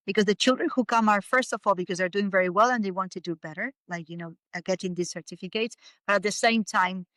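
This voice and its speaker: A woman's voice: medium pitch, dry recording. A middle-aged Spanish woman speaking English with a Spanish accent, a podcast guest telling stories casually with many fillers and restarts. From Spain. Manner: warm storytelling with frequent fillers and restarts. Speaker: guest, English academy owner. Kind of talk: casual chat.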